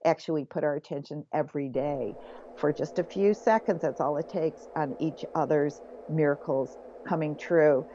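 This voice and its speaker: A woman's voice: low-pitched, moderate pace, warm tone, a little hiss or hum. A woman guest on an interview, talking enthusiastically and telling success stories. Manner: enthusiastic, storytelling. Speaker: guest, self-help author. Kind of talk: casual interview chat. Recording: slightly dull lo-fi audio.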